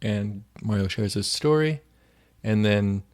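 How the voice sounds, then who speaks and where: A man's voice: fairly low pitch, slow pace, a little mellow. A man co-hosting a faith podcast, retelling stories in a rambling, casual way with lots of "like.". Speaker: podcast co-host.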